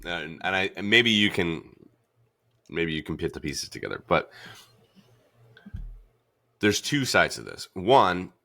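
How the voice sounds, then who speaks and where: A man hosting a podcast, retelling a story in a casual, animated way with lots of "like" fillers. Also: deep voice, measured pace, pauses often. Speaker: podcast host.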